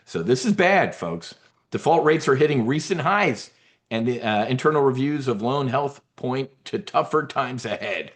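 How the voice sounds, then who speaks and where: A man's voice: medium pitch, animated, normal speed. A man hosting a live trading brief, talking in a brash, boastful, rambling way. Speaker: trading newsletter host. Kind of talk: live market commentary.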